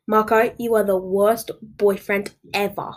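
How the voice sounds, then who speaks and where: A woman voicing a frightened teenage girl who yells her lines in a homemade horror story. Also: mid-range voice, flat delivery, measured pace, close to an everyday voice. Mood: frantic. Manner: yelling, frantic.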